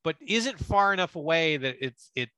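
A young man co-hosting a podcast, casually recapping a film in an animated, riffing way with frequent restarts. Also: on the high side, moderate pace, smooth, dry recording. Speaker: podcast co-host.

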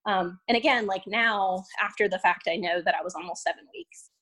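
This is a young woman in her everyday speaking voice, pitched at a middle height. She tells a personal story as a guest, casual and unpolished. She hesitates often and restarts her sentences. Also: a bit bright. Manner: halting, full of "um" and "like", restarts. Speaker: podcast guest; violin teacher.

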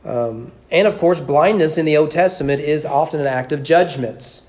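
A man's voice: a little high, normal speed, darkish tone. A man preaching a sermon as pastor, emphatic, with repeated phrases and rhetorical questions.

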